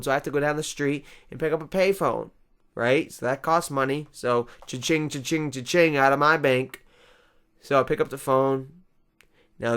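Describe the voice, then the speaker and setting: Hosting a comedy vlog, a man with a smooth, medium-pitched voice rants in a rambling, exasperated monologue, lurching between loud outbursts and quiet asides.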